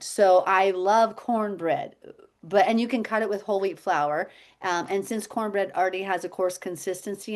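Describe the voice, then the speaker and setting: A woman hosting a faith-based healthy-habits group on a video call, talking casually, teasing and slipping into high quoted voices.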